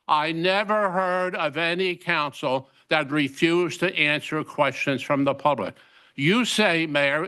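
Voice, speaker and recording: Bright-voiced older man, indignant. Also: sits high. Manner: indignant, emphatic, repeats key phrases. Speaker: resident giving public comment. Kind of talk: public comment speech. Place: council chamber.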